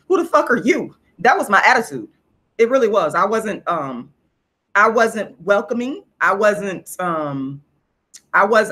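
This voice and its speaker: Blunt, profane woman ranting on a livestream. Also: medium pitch. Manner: blunt, profane, animated storytelling. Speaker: vlogger. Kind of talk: casual livestream rant.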